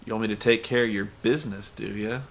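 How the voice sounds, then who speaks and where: A man voicing a flirtatious woman secretary who makes every remark suggestive, in a low sultry purr. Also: quick pace, pushed and bright, lightly acted.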